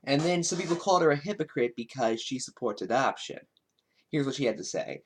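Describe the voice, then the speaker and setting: A man's voice: medium pitch, expressive, fairly quick. A man hosting a political commentary show, speaking in a sarcastic, wry monologue. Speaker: host.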